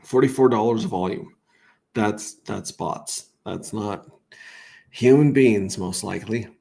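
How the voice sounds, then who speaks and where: A man's voice: fairly low pitch, slow, gravelly, mellow. A man hosting a casual crypto livestream, talking through charts in a rambling, self-interrupting way with wry asides.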